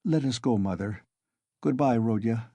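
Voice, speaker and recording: A man doing a proud, gentle young woman. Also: mid-range voice, moderate pace, no room sound, natural voice. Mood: compassionate. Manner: soft but firm.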